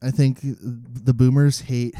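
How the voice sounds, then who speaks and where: A man chatting casually with friends, excitable and rambling, restarting his sentences often. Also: medium pitch, slow, dry recording, studio quality. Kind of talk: casual chat.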